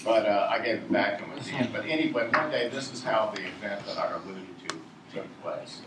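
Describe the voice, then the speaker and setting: A man's voice: lowish voice, brisk. A man from Virginia telling a meandering, digressive story to a live audience and chuckling at his own tale. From Virginia, USA. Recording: echoey room, distant mic, noisy.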